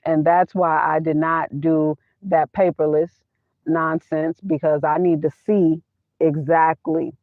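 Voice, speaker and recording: A woman's voice: deep voice, flat delivery, slow pace, no room sound. A woman vlogger chatting casually about money, blunt and emphatic, repeating her points, recorded inside her minivan. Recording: tinny phone-like dry sound.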